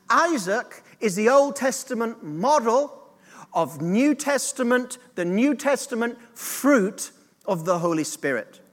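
A man's voice: extremely high pitch, fairly bright tone, long reverb tail. A man preaching a sermon as pastor, earnest and direct, drawing the congregation into call-and-response.

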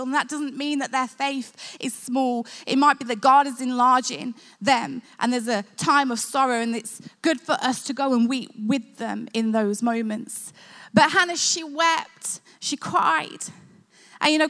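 Woman pastor, earnest conversational sermon, high bright voice, church hall reverb. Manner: earnest, conversational preaching with prayer.

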